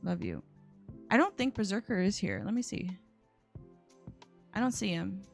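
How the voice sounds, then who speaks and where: A young woman chats casually with her viewers during a live stream, rambling with lots of fillers and restarts. Her voice sits at an ordinary middle pitch. Faint music plays softly in the background. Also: wildly swooping pitch, moderate pace, creaky.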